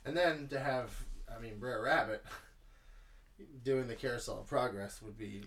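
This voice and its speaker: A man's voice: medium pitch, unhurried. A man co-hosting a podcast in casual chat, playful and jokey as he talks. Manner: playful, jokey, animated storytelling. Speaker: podcast co-host.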